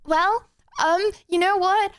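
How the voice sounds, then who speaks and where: A young woman with a high, bright voice chats to her stream in a giggly, rambling way, full of ums and restarts. The sound is dry and close, from a desk microphone. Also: steady tone, slow, no room sound. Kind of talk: casual live-stream chat.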